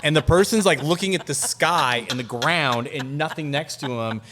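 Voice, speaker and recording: Fast-talking man telling car stories. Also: a little high, a little hiss or hum. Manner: rapid, animated storytelling with many fillers. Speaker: guest, car builder. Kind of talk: casual interview chat.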